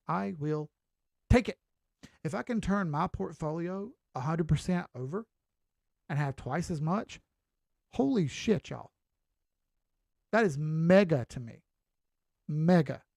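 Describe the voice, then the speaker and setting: This is casual market commentary from a middle-aged Southern crypto chart analyst who is folksy, chatty, and occasionally swears. His drawl sits a little high with a gravelly, fry-heavy edge and a darkish tone. It's recorded close and dry, with no room echo.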